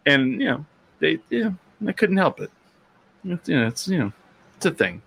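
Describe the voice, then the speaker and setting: Guy co-hosting a chat, bright voice, lots of pitch swings, keeps stammering and restarting. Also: normal speed, creaky, breathy edge. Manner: animated storyteller, acts out quotes with high-pitched outbursts. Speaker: podcast co-host. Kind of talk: casual chat.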